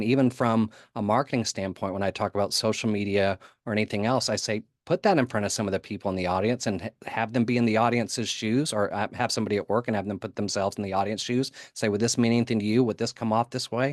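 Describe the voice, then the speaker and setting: A man's voice: fairly low pitch, no room sound, studio quality. A man giving a conference talk in a casual, humorous way, often laughing and putting on voices for quotes. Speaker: conference speaker.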